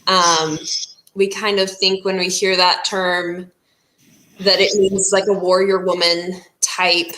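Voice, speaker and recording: A woman author talking casually about her writing, thoughtful and pausing often. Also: lowish voice, little pitch movement, sharp tone, reverberant, a little hiss or hum, low-quality recording. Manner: thoughtful, many "um" pauses.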